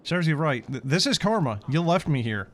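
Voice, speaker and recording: A man's voice: on the high side, sing-song, a little fast, fairly bright tone. A man streaming a game in casual chat, sarcastic and swearing as he answers chat.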